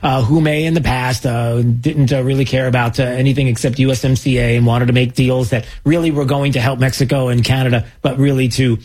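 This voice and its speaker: A man's voice: medium pitch, level tone, fairly quick, few pauses, darkish tone. A man hosting a political talk show, rambling and mocking, with many restarts. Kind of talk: political commentary.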